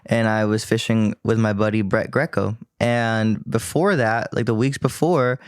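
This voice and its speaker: Relaxed male podcast host, clear dry voice. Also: lowish voice, no room sound. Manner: easygoing, relaxed, with quick backchannel replies. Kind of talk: casual chat.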